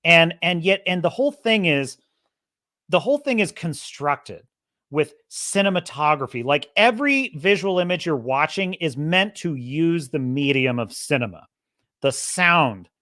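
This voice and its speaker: A man's voice: fairly high pitch, lively intonation, a little slow, sharp tone, dry recording, studio quality. A man hosting a podcast, talking through a film review in a rambling, enthusiastic way and correcting himself as he goes. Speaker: podcast host. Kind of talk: casual film review monologue.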